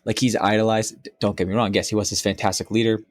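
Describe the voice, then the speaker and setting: A young man co-hosting a casual podcast, rambling and profane as he tells animated stories. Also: lowish voice, fast, dry recording. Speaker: podcast co-host. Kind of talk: casual chat.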